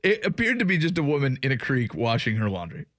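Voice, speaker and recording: A man's voice: mid-range voice, huge pitch swings, quick pace, a bit bright, dry recording, studio quality. A man hosting a sports radio show, telling rambling stories in casual banter. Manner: rambling, chatty storyteller.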